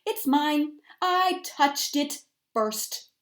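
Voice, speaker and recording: A woman's voice: sits high, lively intonation, moderate pace, darkish tone, voice pushed up. A woman voicing a proud, stubborn male goose in a children's storybook, speaking firmly and matter-of-factly.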